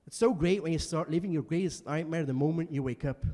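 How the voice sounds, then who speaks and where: A young man performing an emotional solo stage monologue in a small basement venue, swinging between quiet and shouting. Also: fairly high pitch, quick pace, long reverb tail. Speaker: stand-up performer.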